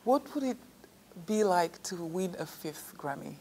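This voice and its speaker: Woman interviewer, playful and teasing, lowish gravelly voice. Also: very animated, unhurried, dark tone, slight background noise. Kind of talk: lively interview questions.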